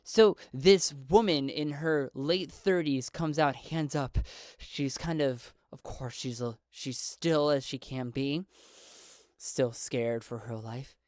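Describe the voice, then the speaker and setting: A man narrating his solo tabletop role-playing game in a relaxed way, thinking aloud as he goes. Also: mid-range voice, takes it slowly, no echo, studio quality.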